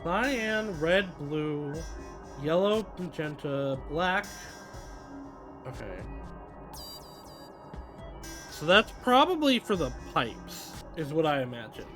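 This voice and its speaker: A high, bright male streamer whose voice jumps around with lively pitch. He thinks aloud as he plays a video game live and reads out the text on screen. Faint game music plays underneath. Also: takes it slowly. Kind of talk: live game playthrough commentary.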